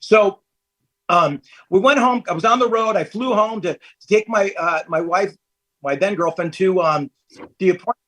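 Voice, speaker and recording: A man in his fifties appears as a podcast guest over a call from home, with family nearby, telling candid stories in casual chat and laughing easily. His high voice is bright and forceful, at a moderate pace. The audio is poor.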